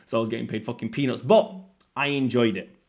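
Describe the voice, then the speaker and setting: Talking fast, a British fitness coach in his late thirties chats to camera in a casual, blunt, sweary way, his pitch and loudness swinging lively throughout.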